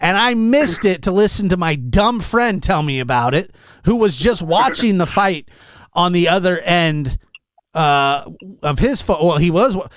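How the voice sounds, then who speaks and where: A young man hosting a podcast, telling a story in a casual, animated and exasperated way, acting out what others said. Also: high voice, measured pace, no echo. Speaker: podcast host.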